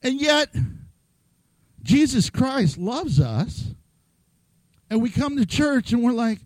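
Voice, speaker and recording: A man's voice: very high voice, very animated, slow pace, pauses often, no room sound, rough recording. A man preaching a sermon in a playful way, acting out voices and laughing often. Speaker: pastor.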